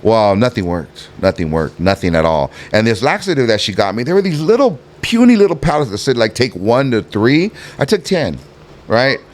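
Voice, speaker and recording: A middle-aged man spins a long, animated story in a relaxed interview. His pitch leaps up and down as he acts out everyone else in the tale, and he swears freely along the way. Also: moderate pace. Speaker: guest telling a story. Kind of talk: casual storytelling.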